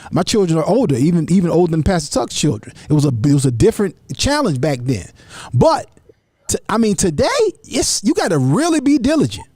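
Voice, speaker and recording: A man with a high, very lively voice hosts a casual panel talk, swooping up and down as he riffs and repeats himself. His voice sits close and dry on the mic, with no room sound around it. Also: fairly quick, husky, no echo. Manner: animated, repeats words, acts out others' voices. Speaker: talk show host.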